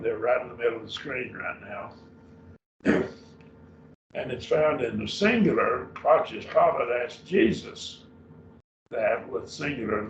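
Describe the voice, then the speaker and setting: A man's voice: mid-range voice, creaky, slight background noise. An older man teaching a Bible class in a church, speaking in a rambling, folksy way as he explains Greek word order. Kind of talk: unscripted Bible lesson. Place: church meeting room. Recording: echoey distant room mic, dull sound.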